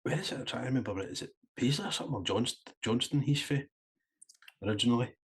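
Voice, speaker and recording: A Scottish man co-hosting a podcast, chatting casually with quick questions and laughs. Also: mid-range voice, husky. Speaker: podcast co-host. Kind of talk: casual chat.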